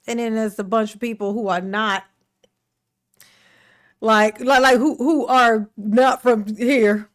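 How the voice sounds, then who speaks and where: A woman's voice: fairly high pitch, measured pace. A woman hosting a casual livestream. She greets viewers by name, laughs often and rants animatedly. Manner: animated ranting. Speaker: livestream host.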